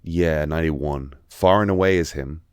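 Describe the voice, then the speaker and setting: A man's voice: a bass voice, moderate pace, clear, resonant tone, dry recording, clean studio sound. An Irish man co-hosting a podcast in casual chat, rambling and swearing freely with lots of restarts. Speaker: podcast co-host.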